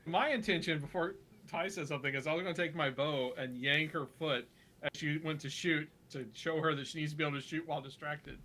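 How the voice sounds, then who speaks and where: A man playing a tabletop game, talking quickly and casually. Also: fairly high pitch, sharp tone. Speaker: player.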